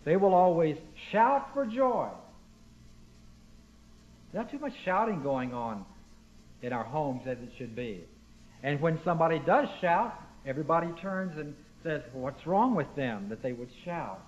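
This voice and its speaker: A man's voice: a little high, very animated, moderate pace. Emphatic preacher man, dull lo-fi sound. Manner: emphatic preaching, questions to the congregation. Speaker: pastor. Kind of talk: sermon.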